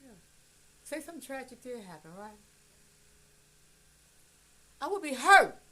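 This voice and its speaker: A middle-aged woman on a phone livestream, talking to her grown son in a rambling, blunt monologue. She swears freely and swings between soft and loud. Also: high voice, sing-song, measured pace, slight background noise.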